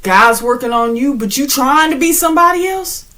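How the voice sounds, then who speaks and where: High, bright-voiced woman preaching casually. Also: normal speed. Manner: animated, slangy and laughing often; preachy, addresses viewers directly. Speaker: spiritual channel host. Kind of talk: casual spiritual pep talk.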